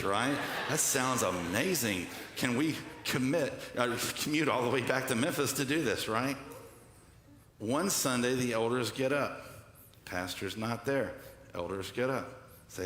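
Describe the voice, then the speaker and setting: A man's voice: medium pitch, a little slow, fairly bright tone. A man preaching a sermon as pastor, conversational and joking, asking the congregation to answer back. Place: church hall. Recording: echoey hall with long reverb.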